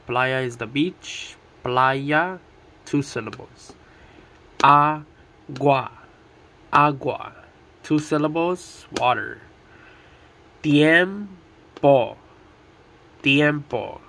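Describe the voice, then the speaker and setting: A man teaching Spanish words at a board, repeating each one slowly and deliberately. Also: medium pitch, gravelly, bright, forceful tone. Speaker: Spanish tutor.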